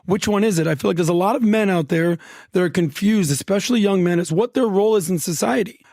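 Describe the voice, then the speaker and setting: A man with a notably high voice talks bluntly as a podcast guest, with sarcastic asides and firm opinions. The sound is dry and close. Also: fast talker, gravelly, darkish tone, dry recording. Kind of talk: opinionated talk.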